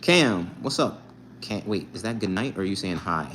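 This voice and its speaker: Young man, low voice, playful livestream chat, reading comments, joking, faint hiss behind. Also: lively intonation, moderate pace, a bit bright, poor audio. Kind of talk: casual live stream chat reading comments.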